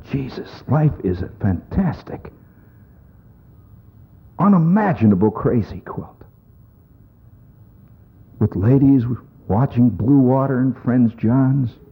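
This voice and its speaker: Wry, husky man on a tinny recording. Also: medium pitch. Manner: wry, rambling, conversational. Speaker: storyteller performing to an audience. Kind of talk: rambling humorous monologue.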